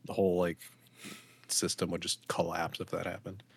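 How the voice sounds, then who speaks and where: A man with a very low, husky voice adds short, dry quips in a casual podcast chat. He speaks in brief, offhand lines. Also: level tone, moderate pace. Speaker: podcast co-host.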